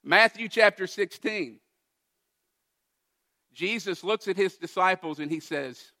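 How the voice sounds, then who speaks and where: A man preaching a sermon, retelling a Bible passage with lively, emphatic quoted dialogue. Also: high-pitched, takes it slowly, long pauses. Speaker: pastor.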